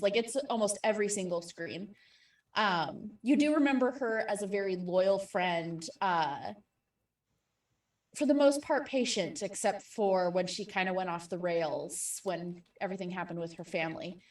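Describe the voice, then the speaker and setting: Woman GM, slow, filler-heavy narration, set back from the mic in a roomy room. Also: mid-range voice, recorded from a distance. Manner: slow, laughing, with many fillers. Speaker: game master. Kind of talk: narrating a tabletop game.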